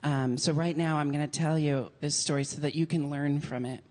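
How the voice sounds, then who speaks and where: A woman doing stand-up comedy, telling a story in an animated, self-mocking way. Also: sits low, moderate pace.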